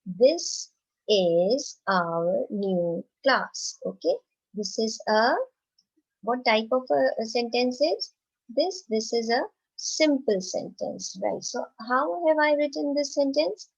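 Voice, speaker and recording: A woman teaching a slow, simple lesson to young children. She encourages them and asks questions that she then answers herself. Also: sits high, expressive, muffled recording. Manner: reads example sentences very slowly and clearly.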